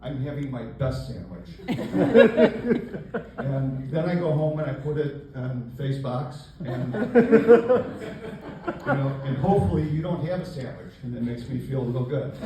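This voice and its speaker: An older man performing a stand-up comedy set on a club stage, with a deadpan, self-mocking delivery. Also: medium pitch, measured pace, pauses often, a crowd in the background. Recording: echoey live club, distant mic. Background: audience laughter.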